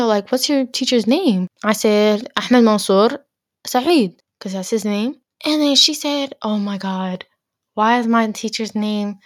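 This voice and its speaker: A woman's voice: mid-range voice, no echo, studio quality. A teenage girl hosting her own podcast, ranting bluntly and exasperatedly with lots of filler words. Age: teens. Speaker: podcast host. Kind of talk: casual solo rant.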